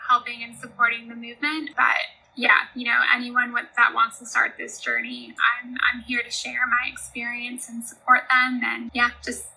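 A woman's voice: fairly high pitch, completely flat delivery, normal speed, gravelly, hardly any pauses, pushed and bright, low-quality recording. A young American woman with a slight Australian tinge, talking earnestly as a consultant guest on a podcast, often saying "you know" and "um". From United States. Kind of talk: podcast interview.

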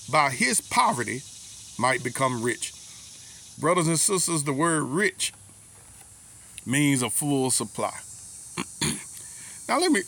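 A man's voice: medium pitch, fairly bright tone. A man preaching an informal sermon to brothers and sisters, telling personal stories in a folksy way with dialect grammar and repeated words. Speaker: lay preacher.

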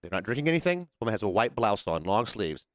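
A man's voice: fairly low pitch, fast, dry recording, studio quality. A man hosting a podcast, telling work stories in casual chat and acting out quoted lines. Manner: animated storyteller, acts out quotes. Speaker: podcast host.

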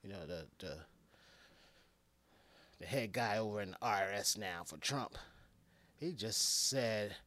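A man who works as an EMT, ranting casually and profanely about a movie, swinging between hushed asides and loud outbursts. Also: fairly low pitch, a little slow, pauses often, no room sound. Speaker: EMT giving movie reactions. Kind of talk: casual rant to camera.

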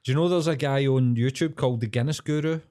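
A man's voice: mid-range voice, fast, warm tone. A young Glaswegian man telling jokey, sweary stories in casual podcast chat. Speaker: podcast co-host.

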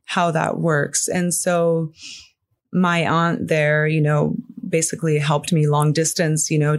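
A middle-aged woman talking as a podcast guest, in a halting way full of "you know" fillers. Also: sits low, gravelly. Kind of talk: conversational interview.

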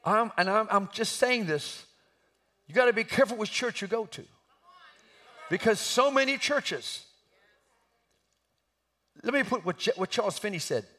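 A man preaching an impassioned sermon, building to shouts at the peaks of his points. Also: high voice, expressive, moderate pace, long pauses.

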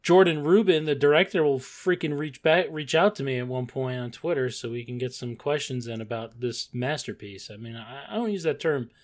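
A man co-hosting a casual movie podcast, animated and laughing, swearing casually. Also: mid-range voice, a little fast, few pauses. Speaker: podcast co-host.

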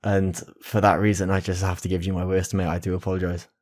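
Mock-serious man with a low voice. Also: level tone, fast talker, a little mellow. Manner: mock-serious, giggly ribbing. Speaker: podcast co-host. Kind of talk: casual banter among friends.

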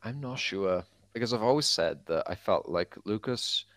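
A man co-hosting a casual podcast, an animated storyteller who fills his talk with "like" and acts out quotes. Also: fairly low pitch, moderate pace, no echo. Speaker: podcast co-host. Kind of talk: casual chat.

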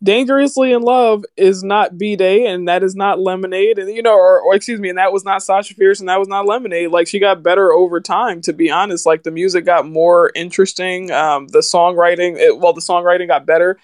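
A man co-hosting a podcast in casual chat, animated and swearing freely, acting out quotes. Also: high-pitched, brisk, few pauses, dry recording, clean studio sound. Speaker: podcast co-host.

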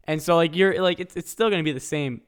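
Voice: medium pitch, fast talker, smooth. A podcast co-host in casual sports chat, talking hesitantly with many restarts and fillers.

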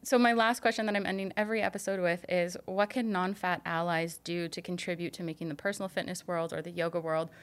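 A woman's voice: fairly low pitch, flat delivery, fast, hardly any pauses. A woman hosting a podcast interview, talking candidly and chattily with frequent "like"s. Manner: candid, chatty, many fillers. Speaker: podcast host.

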